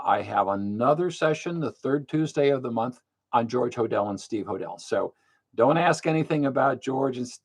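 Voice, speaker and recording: A man's voice: medium pitch, husky. An older man hosting a monthly live question-and-answer stream, talking bluntly and matter-of-factly, with frequent fillers. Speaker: livestream host. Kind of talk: casual live Q&A talk.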